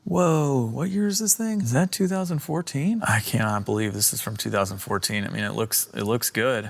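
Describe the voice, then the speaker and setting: A middle-aged man with a gravelly, creaky voice at an ordinary pitch talks viewers through a car repair in his home garage. He is chatty and easily excited, narrating each step as he works. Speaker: car channel host. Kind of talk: hands-on DIY repair vlog talk.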